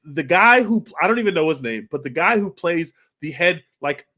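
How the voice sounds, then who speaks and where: Excitable man, high voice, casual podcast reviewer who swears and gushes. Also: moderate pace. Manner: excitable, gushing, swears freely. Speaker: podcast co-host. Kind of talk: casual film review chat.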